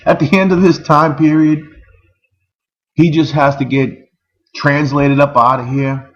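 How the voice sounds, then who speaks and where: A man's voice: a little high, fairly even intonation, unhurried, long pauses, fairly bright tone, lo-fi sound. A man in an angry, profane rant, firing off rhetorical questions. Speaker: vlogger.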